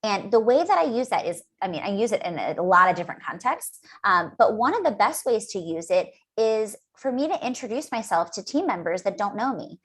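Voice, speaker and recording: A woman's voice: mid-range voice, big pitch swings, brisk, few pauses, breathy edge. A woman guest on a podcast, talking in a chatty, enthusiastic way with lots of fillers and acted-out asides. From United States. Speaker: guest speech-language pathologist. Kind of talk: casual podcast interview.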